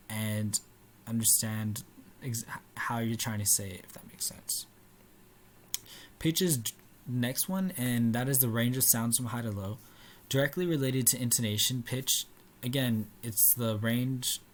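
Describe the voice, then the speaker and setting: A man's voice: medium pitch, slight background noise. A young man giving an informal class presentation, casual, with fillers and restarts. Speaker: student presenter.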